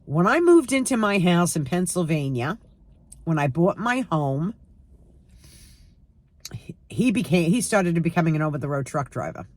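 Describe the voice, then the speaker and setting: A woman's voice: lowish voice, very animated, normal speed, pauses often, darkish tone, dry recording. A woman in her sixties chatting casually to camera at home, sarcastic and emphatic as she tells stories. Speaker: lifestyle vlogger.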